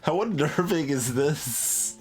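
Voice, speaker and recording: A man's voice: a little high, expressive, slow pace, a little mellow, faint music behind. Rambling male game streamer. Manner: rambling, self-amused. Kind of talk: casual gameplay commentary.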